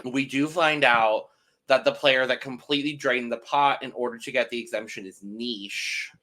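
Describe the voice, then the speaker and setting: A man's voice: mid-range voice, steady tone, normal speed, pushed and bright. A man co-hosting a podcast, recapping reality TV in a chatty, emphatic, upbeat way. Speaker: podcast co-host. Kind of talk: casual reality TV recap chat.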